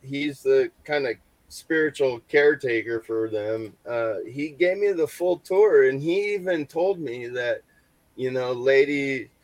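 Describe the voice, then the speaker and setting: A man's voice: medium pitch, unhurried, dry recording. Man telling a rambling ghost story. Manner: rambling, many restarts and fillers. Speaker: paranormal investigator. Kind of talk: casual storytelling on a podcast.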